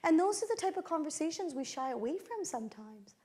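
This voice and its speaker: A middle-aged woman with a fairly high voice speaks as a keynote speaker at a conference. She tells personal stories and gives motivational advice, and her delivery shifts in a lively way. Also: a little fast.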